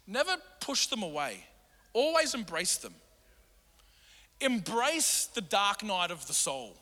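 A middle-aged pastor preaches with a high, very bright voice, acting out quotes with animation. His sermon rings through a church hall with a long reverb.

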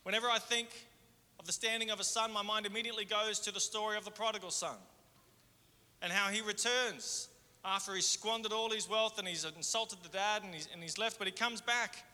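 A man preaching a sermon in a conversational way, moving between fervent and hushed. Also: high-pitched, fairly even intonation, a little fast. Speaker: pastor. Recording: hall reverb.

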